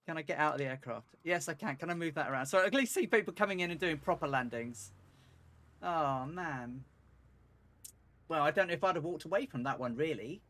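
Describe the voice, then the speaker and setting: A man talks a flight-sim stream through live, chatty and rueful. He laughs off his own mishaps as he goes. His voice sits a little high for a man. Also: animated, a little fast, sharp tone. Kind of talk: live game stream commentary.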